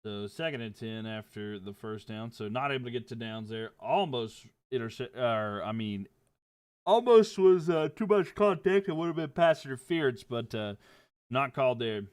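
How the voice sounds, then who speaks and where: A young man giving casual play-by-play commentary on a livestream, getting louder on big plays and dropping low when he talks to viewers. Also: expressive, smooth. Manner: rises and quickens on big plays, drops low chatting with viewers.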